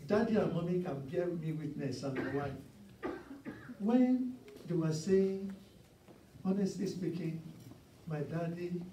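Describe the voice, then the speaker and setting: A man's voice: high-pitched, animated, slow, pauses often, mellow, slight background noise. A man in his sixties preaching a sermon as a guest preacher, telling personal stories earnestly with emphatic repeats. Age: 60s. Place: church sanctuary. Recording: roomy church sound from a distance.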